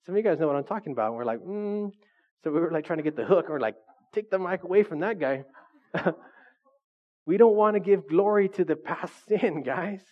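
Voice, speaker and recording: A man's voice: fairly high pitch, animated, fast, narrow, tinny audio. A pastor preaching a conversational, humorous sermon, often asking his congregation questions.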